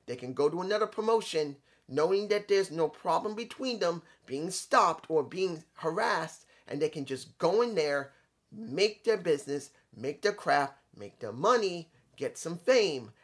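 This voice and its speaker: Man doing a solo wrestling opinion vlog, preachy and repetitive, keeps reining himself in. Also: high-pitched. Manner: lecturing, repeats himself, stops to calm himself. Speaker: wrestling commentary vlogger. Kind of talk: solo opinion rant to camera.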